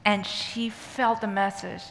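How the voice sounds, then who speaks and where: A woman's voice: medium pitch, fairly even intonation, creaky, a little hiss or hum. Earnest woman preaching in reverberant church. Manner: earnest, emphatic storyteller, pace shifting between rushed and slow. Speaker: church speaker. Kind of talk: sermon with personal storytelling. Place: church sanctuary. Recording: long church hall reverb.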